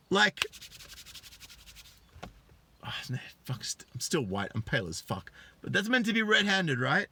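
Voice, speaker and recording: A man in his thirties with an Australian accent, hosting a live stream. He retells stories with rising excitement, greets viewers in chat, and swears freely. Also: measured pace, pauses often, breathy edge, dry recording. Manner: animated storyteller, swears freely, voice rises high when excited. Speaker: online show host.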